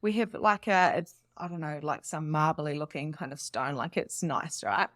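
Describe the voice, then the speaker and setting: A woman's voice: deep voice, moderate pace, dry recording. Chatty laughing woman, dry close sound. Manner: chatty and rambling, laughs often; animated and enthusiastic. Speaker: spiritual coach. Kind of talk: casual unscripted monologue.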